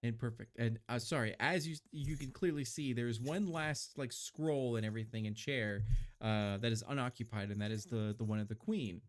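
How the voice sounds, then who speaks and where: A man's voice: mid-range voice, moderate pace. A man runs a tabletop role-playing game as game master. He narrates in a loose, rambling way, full of fillers and restarts.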